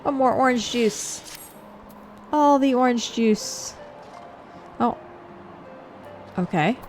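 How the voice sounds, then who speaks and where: A woman's voice: a little high, takes it slowly, soft background music. A woman giving casual gameplay commentary, chatting and reacting aloud between dialogue. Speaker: let's play streamer.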